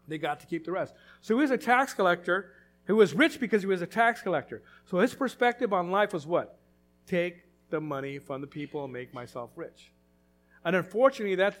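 A man preaching a sermon as pastor, emphatic and repetitive, full of rhetorical questions. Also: high-pitched.

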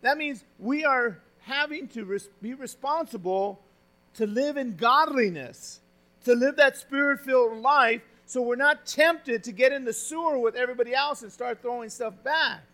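A male pastor preaching a sermon, moving between loud, emphatic exhortation and quiet, confiding stretches, often asking the congregation questions. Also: very high voice, normal speed. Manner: says "friends" and asks the congregation questions.

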